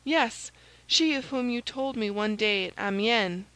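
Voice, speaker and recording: A woman's voice: a little high, a little slow, fairly bright tone, no echo, low-quality recording. Woman doing an agitated young swordsman, audiobook, urgent. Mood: confiding.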